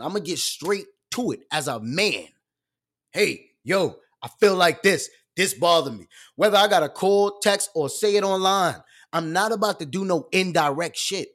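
A young man hosting a live stream, ranting with heavy slang and swinging from loud bursts to low asides. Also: lively intonation, moderate pace, few pauses. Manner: profane, streetwise slang. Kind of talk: animated rant on a live stream.

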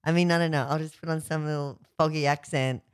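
A woman's voice: low voice, fairly even intonation, quick pace, clean tone. A woman co-hosting a radio morning show in casual banter, flustered and protesting with frequent exclamations. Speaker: radio co-host. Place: radio studio.

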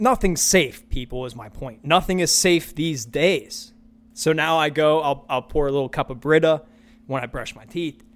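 Ranting, cussing podcast host man. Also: a little high. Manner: ranting, profane, repeats his punchlines. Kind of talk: solo podcast rant.

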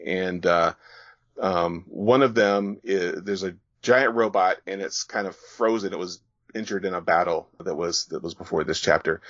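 With a low, fairly bright voice and no room sound, a man who makes graphic novels guides podcast listeners through his comic page by page. He reads and describes it casually, with fillers, and the recording sounds dull and dry.

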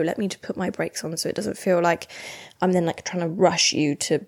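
A woman's voice: medium pitch, fairly quick, darkish tone. Chatty young woman. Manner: chatty, rambling, frequent "like" fillers. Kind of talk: casual chat.

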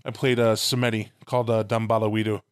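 A man co-hosting a podcast, telling stories in lively, casual chat and swearing now and then. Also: on the low side, quick pace, smooth, no room sound, studio quality. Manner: animated storyteller, swears casually. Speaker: podcast co-host.

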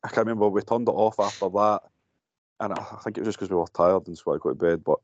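A man's voice: lowish voice, fast, dry recording, muffled recording. A Scottish man co-hosting a podcast, chatting casually about a film, swearing freely and rambling as he goes. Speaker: podcast co-host. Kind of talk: casual film-review chat.

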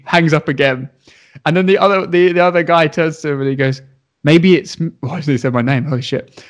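A young primary school teacher with a slightly high voice tells a story quickly in casual chat. He's animated, swears, and acts out the voices of the people involved.

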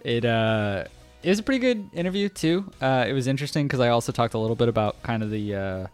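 A man's voice: mid-range voice, animated, fast talker, smooth, faint music behind. A man co-hosting a podcast, chatting in a laid-back way with lots of fillers and laughs. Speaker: podcast co-host. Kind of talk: casual chat.

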